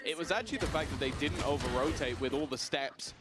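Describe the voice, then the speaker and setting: A man casting an esports match, breaking down rotations and plays in measured analysis. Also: medium pitch, over music. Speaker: esports caster. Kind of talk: analytical commentary.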